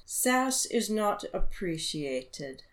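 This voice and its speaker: A woman reading a story, voicing a cruel skinny male thug in a low, slow, menacing tone. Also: very animated.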